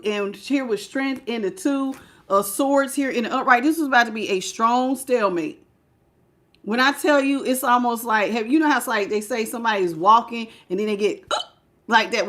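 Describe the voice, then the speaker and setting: A woman with a fairly high, fairly bright voice does a casual tarot reading on a live stream. She is chatty and emphatic, repeats key phrases, laughs often, and greets viewers by name.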